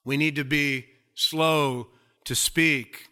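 A man preaching a sermon as pastor, slow and deliberate, stretching out key words for emphasis. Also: a little high, fairly even intonation, sharp tone.

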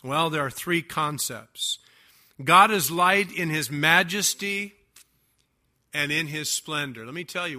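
An older man preaching a sermon, stressing key words slowly and swinging between loud declarations and quiet asides. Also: fairly high pitch. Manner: emphatic preaching, stretching key words, rising and dropping loudness. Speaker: pastor.

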